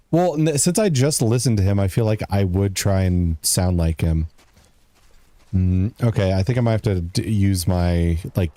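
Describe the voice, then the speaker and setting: A man's voice: sits low, warm tone, no echo. A male streamer giving casual, joking commentary while playing a video game. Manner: laid-back, joking, laughs at the game.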